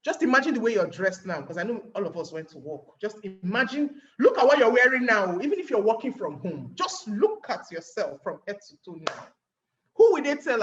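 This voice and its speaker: Nigerian woman for a webinar talk: animated, plays out scenes, very expressive pitch; muffled lo-fi recording. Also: brisk, slight background noise. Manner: animated, acting out little scenes and asking rhetorical questions. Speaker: guest speaker.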